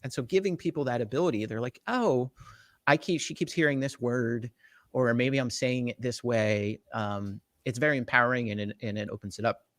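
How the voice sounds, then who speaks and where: A man's voice: mid-range voice, a little fast, fairly bright tone, no echo. Eager middle-aged New man. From Jersey Shore, US. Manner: enthusiastic, rambling explainer with many fillers and restarts. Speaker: tech evangelist guest. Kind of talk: casual interview explanation.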